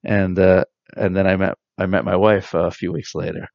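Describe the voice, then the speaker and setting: A man, likely in his thirties, giving an earnest, reflective spiritual talk with soft pauses. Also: sits low, little pitch movement, gravelly, no echo. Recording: dull dry lo-fi sound.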